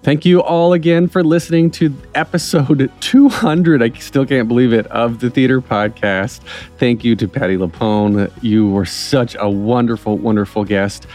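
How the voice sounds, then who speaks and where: A man's voice: medium pitch, fairly even intonation, normal speed, a little mellow, faint music behind. A man hosting a theater podcast, talking in a chatty and enthusiastic way. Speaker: podcast host. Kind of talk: casual interview chat.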